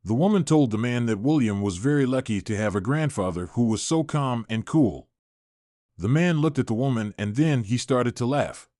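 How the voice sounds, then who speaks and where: A man's voice: mid-range voice, expressive, normal speed, mellow, no echo. Male narrator, dry close sound. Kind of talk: scripted storytelling narration.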